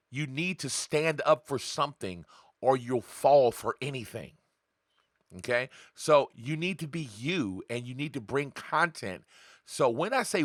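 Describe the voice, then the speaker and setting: Brief: casual male podcast host, blunt and profane, bright forceful tone, dry close sound. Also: medium pitch, dry recording. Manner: blunt, profane, talks straight to viewers with rhetorical questions; acts out voices of others in quotes. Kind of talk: casual unscripted monologue.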